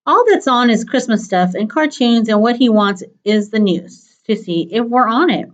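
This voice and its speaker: A woman reading a novel aloud in a steady, plain storytelling manner, on a dull lo-fi recording. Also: fairly high pitch, normal speed. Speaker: reader.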